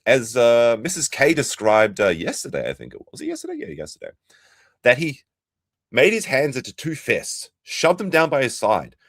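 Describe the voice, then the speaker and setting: A man's voice: mid-range voice, big pitch swings, brisk, a bit bright, no room sound, studio quality. A man hosting a reaction commentary, mocking the clips he plays and talking to his chat. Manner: mocking, sarcastic, talks to chat. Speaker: commentary channel host.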